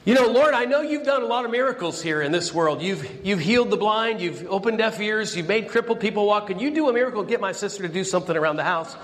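A man's voice: high voice, lively intonation, quick pace, hardly any pauses, a bit bright, voice pushed up. A man playing an exasperated hostess. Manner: indignant, complaining. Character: stressed, exasperated woman hostess pleading. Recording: long hall reverb.

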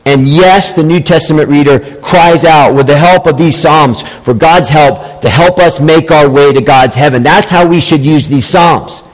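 A man preaches a Sunday sermon in a slightly high voice, hammering home key phrases by repeating them. He slips now and then into mock-sweet sarcasm. His voice rings out with a long reverb, as in a large church sanctuary. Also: normal speed, hardly any pauses. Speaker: pastor.

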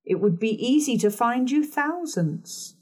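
A woman's voice: fairly high pitch, lively intonation, measured pace, darkish tone, breathy edge, pitched above the performer's own voice. A woman voicing a composed, blunt young governess in an audiobook, answering curtly and coolly. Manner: curt, unimpressed.

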